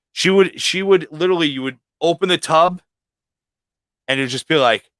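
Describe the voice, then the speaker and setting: A man's voice: on the high side, moderate pace, no room sound, clean studio sound. A man chatting casually on a livestream about breeding snakes, swearing freely and acting out what he and his snakes said. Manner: profane storyteller, acts out quotes loudly. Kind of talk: casual chat.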